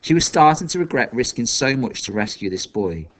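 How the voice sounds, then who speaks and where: A male audiobook reader narrating a novel with lively, rising and falling intonation. His voice sits at a middling pitch and tells the story expressively. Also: a little fast. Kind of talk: scripted narration.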